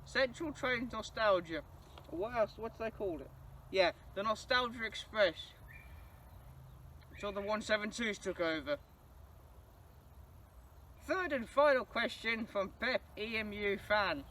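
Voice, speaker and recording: A young man, speaking in a very high, bright voice. He chats enthusiastically and laughs often. The mic sits some distance away, with a faint hum of noise behind him. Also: unhurried, long pauses. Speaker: channel host answering viewer questions. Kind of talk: casual Q&A monologue.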